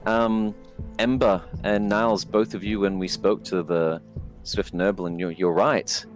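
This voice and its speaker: A man speaking as a player in a tabletop game, hesitant with many fillers and quick to laugh. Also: fairly low pitch, little pitch movement, soft background music. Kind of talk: casual chat in a tabletop game.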